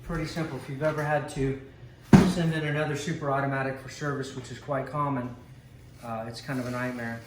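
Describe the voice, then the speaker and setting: A man's voice: medium pitch, little pitch movement, a little fast. A man chatting casually with frequent ums and asides as he unboxes a coffee maker at home. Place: home room with a dog. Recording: echoey room, distant mic, noisy background.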